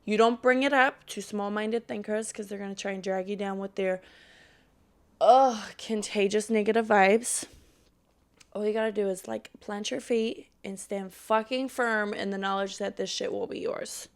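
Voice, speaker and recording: A woman's voice: medium pitch, fairly even intonation, normal speed, clean tone. A young woman hosting a solo podcast, chatting casually and profanely, then giving a fired-up pep talk. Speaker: podcast host.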